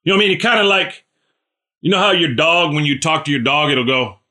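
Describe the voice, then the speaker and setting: A man preaching a relaxed, conversational sermon. He keeps checking in with the congregation and calls on listeners by name. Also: on the high side, fast. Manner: chatty, asks listeners questions by name; animated, acts out scripture characters. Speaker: pastor.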